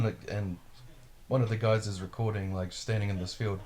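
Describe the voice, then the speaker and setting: Podcast host, man, lowish voice, loose, swearing storyteller who acts out the people in his story. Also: brisk. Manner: profane, animated, acts out quotes. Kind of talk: casual storytelling.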